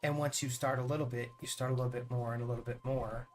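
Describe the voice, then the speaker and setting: A man's voice: medium pitch, level tone, fast. Guy streamer rambling earnestly, kinda repeats himself, mid voice, faint music behind. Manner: rambling, earnest, repeats words when starting a thought. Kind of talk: casual chat on a live stream.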